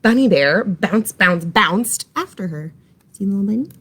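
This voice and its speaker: A woman reading a children's story aloud for library storytime, in an expressive, animated way. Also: mid-range voice, moderate pace, slightly rough.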